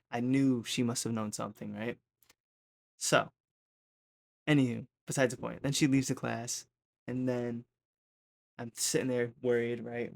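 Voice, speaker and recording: A man with a gravelly, creaky voice tells a story from his school days in a loose, rambling way. He keeps checking in with the listener, tagging his sentences with "right?" and "you know". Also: medium pitch. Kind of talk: casual storytelling.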